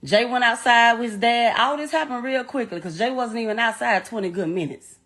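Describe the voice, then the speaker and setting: A woman's voice: fairly high pitch, fairly quick, fairly bright tone. A middle-aged woman with a Southern US accent, telling a raw, profane and distressed personal account as a grieving mother. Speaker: mother of the deceased, interviewee.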